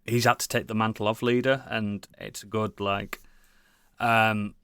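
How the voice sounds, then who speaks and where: A man's voice: on the low side, little pitch movement, unhurried, sharp tone, smooth, no room sound. Rambling, sweary man on a dry mic. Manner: rambling, enthusiastic, swears a lot, many fillers. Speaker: podcast co-host. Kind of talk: casual chat.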